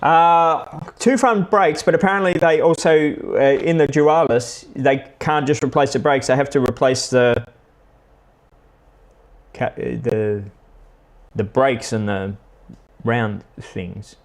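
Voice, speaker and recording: A middle-aged Australian man with an Australian accent, chatting casually and rambling through anecdotes with frequent restarts. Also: medium pitch. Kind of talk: casual storytelling monologue.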